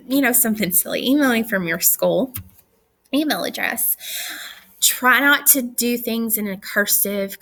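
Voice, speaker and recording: A woman's voice: medium pitch, gravelly, pushed and bright. A young adult woman teacher giving recorded instructions to her students, chatty and firm with teasing asides.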